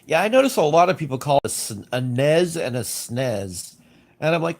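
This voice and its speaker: Stuffed-up guy with a gravelly voice rambling on a livestream, keeps repeating himself, super blunt. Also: fairly high pitch, sing-song, moderate pace. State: congested sinuses. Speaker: livestream host. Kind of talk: casual livestream chat, reading chat.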